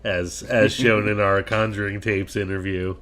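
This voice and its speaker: A man's voice: on the low side, level tone, a crowd in the background. A young man bantering and teasing his friends in a casual podcast chat. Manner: teasing, joking, quick banter. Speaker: podcast co-host.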